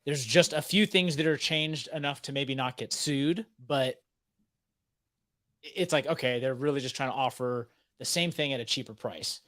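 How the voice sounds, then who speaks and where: A man's voice: medium pitch, moderate pace, fairly bright tone, no room sound, clean studio sound. A man in a casual livestream chat about watches, explaining his view at length with lots of "like" and "right?".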